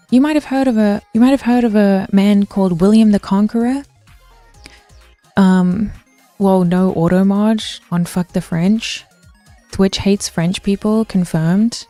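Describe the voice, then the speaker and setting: A woman's voice: mid-range voice, mellow, dry recording. A young woman streaming, rambling through a casual linguistics rant with lots of fillers and restarts while answering chat.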